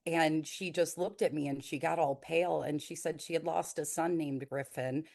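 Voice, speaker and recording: A woman in her forties telling a story in a casual, animated way, with many fillers. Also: low voice, moderate pace, gravelly. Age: 40s. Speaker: nonprofit founder.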